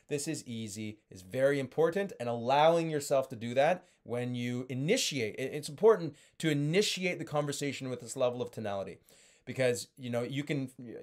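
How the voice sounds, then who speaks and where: A young man giving a casual sales training talk, animated and full of fillers as he demonstrates high and low tones. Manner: frequent fillers and restarts.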